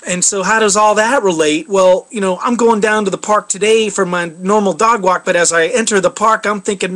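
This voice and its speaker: A man's voice: sits high, a little fast, hardly any pauses, fairly bright tone. A man telling a story in a casual vlog, rambling with many fillers. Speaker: vlogger.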